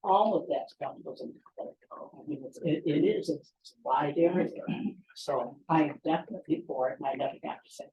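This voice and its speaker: A man with a somewhat high voice rambling through his comment at a town hearing. The sound is dull and echoey, with faint hiss. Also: a little fast. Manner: rambling, restarts. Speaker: resident speaking at public hearing. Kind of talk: public comment.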